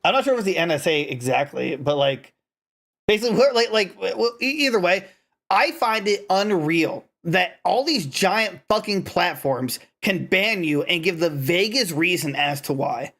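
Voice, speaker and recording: A man's voice: high voice, expressive, moderate pace, a bit bright. A man co-hosting a casual gaming podcast who rambles, restarts his sentences and swears when he gets worked up. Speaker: podcast co-host. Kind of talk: casual chat.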